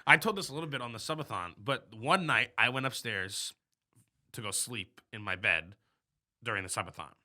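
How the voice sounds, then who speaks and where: Brief: young male podcast co-host, very bright tone, lively storyteller who acts out scenes. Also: mid-range voice, moderate pace. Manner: animated storytelling, acts out his own screams. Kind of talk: casual chat.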